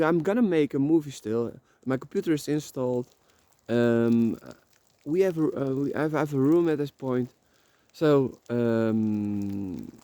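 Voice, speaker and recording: Brief: man, mellow low-brightness tone, rambling confessional vlogger, repeats himself, swears freely, dry close sound. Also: no room sound. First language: Dutch. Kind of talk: emotional personal vlog monologue. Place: rented room.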